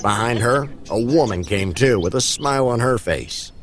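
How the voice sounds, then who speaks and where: A man reading a spooky story aloud in steady storytelling narration. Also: mid-range voice, normal speed.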